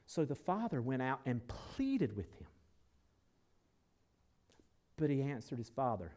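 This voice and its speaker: A male pastor preaching a sermon, swinging between loud emphasis and quiet reflection while calling on the congregation to answer back. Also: medium pitch, very animated, normal speed, hardly any pauses.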